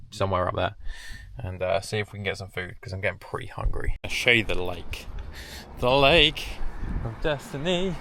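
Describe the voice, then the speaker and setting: A young man with a fairly low voice talks casually to camera while walking around outdoors. His chat rambles from one sight to the next, with joking asides thrown in. Faint outdoor noise sits behind him. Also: gravelly, bright, forceful tone. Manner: chatty, rambling, jokey asides. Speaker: travel vlogger. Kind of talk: casual travel vlog narration. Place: outdoors at hilltop villages and viewpoints.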